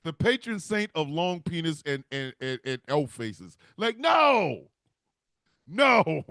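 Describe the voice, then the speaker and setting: A man telling a comic story in an animated, profane, rambling way. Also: on the high side, normal speed, clear, resonant tone, dry recording, clean studio sound. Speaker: comedian host.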